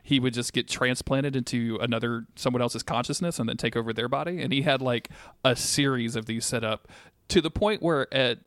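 A man's voice: medium pitch, a little fast, no room sound, studio quality. A man co-hosting a casual podcast, recapping an episode in a rambling way, laughing as he tells it. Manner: rambling, laughs while telling, bursts into animated put-on quotes. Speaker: podcast co-host.

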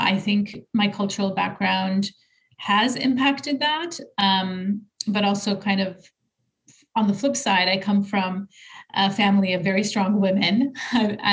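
A woman's voice: mid-range voice, fairly even intonation, takes it slowly. A woman guest and leadership coach in a conversational interview, talking thoughtfully with frequent fillers and restarts. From United States.

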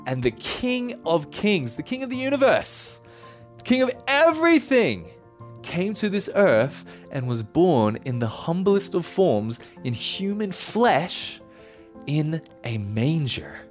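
Lively, animated pastor, a man. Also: fairly high pitch, slow, soft background music. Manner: animated storytelling, casual and playful. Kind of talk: sermon.

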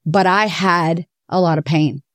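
A woman hosting a podcast, telling her own story in a candid, profane, animated way. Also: fairly low pitch, unhurried, no echo. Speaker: podcast host. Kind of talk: personal confessional monologue.

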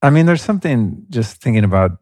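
A man hosting a podcast interview, asking measured, thoughtful questions. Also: medium pitch, big pitch swings, darkish tone, dry recording. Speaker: podcast host. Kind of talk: interview questions, casual chat.

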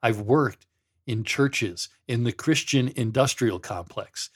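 A man's voice: medium pitch, slow, slightly rough. Sarcastic middle-aged man hosting a podcast. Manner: sarcastic, mocking, dramatic reading of quotes. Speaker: podcast host, former pastor. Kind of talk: sardonic monologue.

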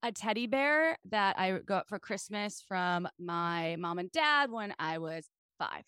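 A woman guest on a podcast, telling candid stories in a raspy voice, open and animated in a casual chat. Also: mid-range voice, takes it slowly, no room sound, studio quality.

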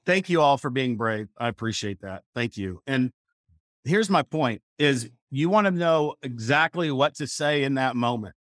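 A man's voice: medium pitch, animated, normal speed, no room sound. Emphatic male sales coach, dry sound. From Missouri. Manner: emphatic, repetitive, self-correcting. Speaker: real estate sales coach. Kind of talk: seminar teaching. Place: seminar room.

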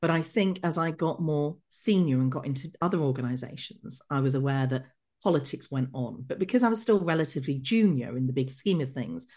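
A middle-aged woman, an executive coach telling stories from her career as a podcast guest, animated and quick to act out remembered conversations. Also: deep voice. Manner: lively, acts out remembered dialogue. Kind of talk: podcast interview storytelling.

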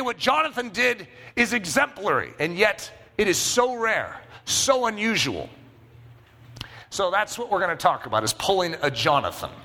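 A man's voice: high-pitched, bright, forceful tone, long reverb tail. A man preaching a sermon, telling a personal story with self-mocking humor and checking in with the congregation. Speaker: pastor.

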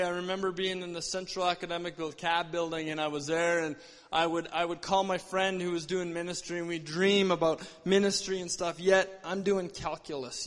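A young man tells his story in a church with earnest, animated energy, often restarting his sentences. His voice sits high for a man. It rings out with a long hall reverb. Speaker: church speaker sharing testimony. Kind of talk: sermon testimony.

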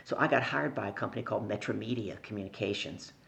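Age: middle-aged. Sex: woman. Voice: gravelly, animated storyteller. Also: very deep voice, fast. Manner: animated storyteller who acts out voices and asks the listener questions. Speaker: guest, sales coach. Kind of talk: storytelling in a podcast interview.

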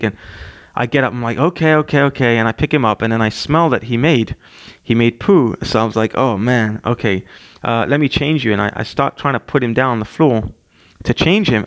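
A man in his thirties hosting a podcast, telling a personal story in a casual, animated way with many restarts and fillers. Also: medium pitch. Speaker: podcast host.

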